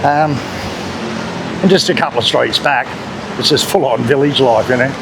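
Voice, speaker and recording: Aussie man vlogging by loud traffic. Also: medium pitch, moderate pace, gravelly. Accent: Australian. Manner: rambling, blunt, swears casually. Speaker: travel vlogger. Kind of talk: casual walking vlog. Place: outdoors in busy city back streets. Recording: loud street traffic and motorbikes behind. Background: traffic and motorbikes.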